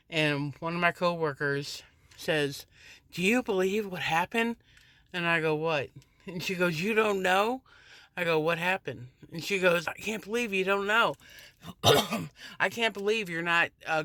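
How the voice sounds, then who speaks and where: A woman's voice: low-pitched, clean tone, dry recording. A woman working as a campus security officer tells a casual story while walking to her car through a parking garage, recorded on a phone she holds as she walks. She acts out the people in her story by raising her voice for their lines. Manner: animated, acts out quoted dialogue in a raised voice. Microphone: phone held while walking.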